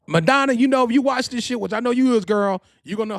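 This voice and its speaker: A man hosting a podcast, telling gossip stories in a profane, rambling, animated way. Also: very high voice, fast talker, gravelly, hardly any pauses, dry recording, studio quality. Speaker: podcast host. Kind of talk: casual storytelling monologue.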